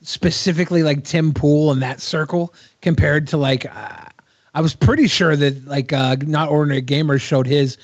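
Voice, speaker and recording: Blunt, slightly higher-voiced co-host. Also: male voice, steady tone, moderate pace, dry recording, muffled recording. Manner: blunt, profane, hesitant restarts. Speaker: podcast co-host. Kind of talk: casual commentary chat.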